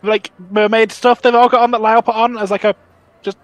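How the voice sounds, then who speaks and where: A woman's voice: on the high side, little pitch movement, a little fast, dry recording. A woman playing a tabletop role-playing game, making playful in-character asides. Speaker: player. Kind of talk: casual tabletop role-play.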